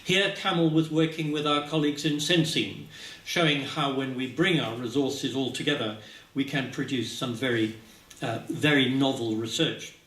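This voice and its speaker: A man giving a scientific talk at a symposium, speaking haltingly with many filler sounds, recorded from a distance in a lecture hall. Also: medium pitch, fairly even intonation, fairly bright tone. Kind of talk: conference presentation. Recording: echoey hall, speaker far from mic.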